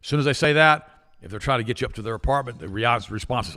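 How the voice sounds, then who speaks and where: A talk show co-host with a mid-range voice races through opinionated, casual talk. He's a lively storyteller who acts out quoted voices and repeats himself.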